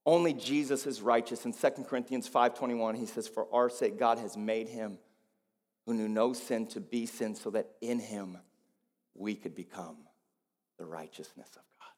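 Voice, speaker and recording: A man preaching a sermon as pastor, swinging between quiet, low passages and loud, emphatic ones. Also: fairly even intonation, moderate pace, long reverb tail.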